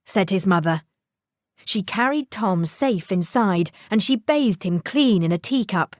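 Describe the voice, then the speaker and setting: A woman reading a children's storybook aloud, expressive and playful with sound-effect words. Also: mid-range voice, measured pace, dry recording, clean studio sound.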